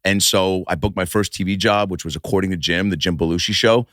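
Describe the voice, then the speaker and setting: Low-voiced man telling rambling stories. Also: steady tone, fast talker, a bit bright, no echo, clean studio sound. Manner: rambling anecdotal storytelling, profane. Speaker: comedian guest. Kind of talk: casual podcast chat.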